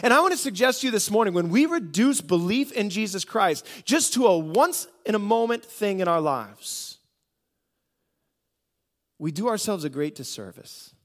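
A man's voice: high-pitched, sing-song, moderate pace, a bit bright. A pastor from the United States giving a conversational sermon, asking rhetorical questions and often repeating phrases as he builds a point.

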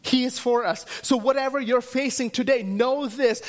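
A man's voice: extremely high pitch, fairly even intonation, moderate pace, hardly any pauses. A man preaching a sermon as pastor, driving his points home through repeated, emphatic refrains.

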